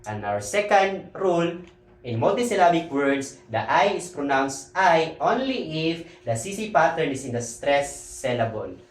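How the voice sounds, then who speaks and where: A teacher with a Cebuano Filipino accent giving a classroom demonstration lesson, clearly drilling each word for the class to repeat. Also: medium pitch, sing-song, measured pace. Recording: roomy, echoey room sound.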